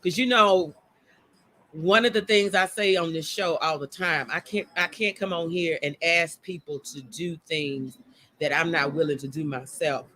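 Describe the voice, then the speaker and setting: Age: adult. Sex: woman. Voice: bright, forceful. Style: chatty livestream host. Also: deep voice, normal speed, slight background noise. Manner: chatty, greets viewers by name; emotional. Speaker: host of a live chat show. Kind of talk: casual livestream chat. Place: outdoors by a motion-sensor light.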